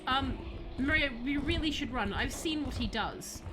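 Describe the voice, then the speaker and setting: A woman giving animated, laughing commentary while streaming a horror game. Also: sits high, moderate pace, noisy background. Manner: animated, laughs often, yelps and shrieks at scares. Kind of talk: casual gameplay commentary.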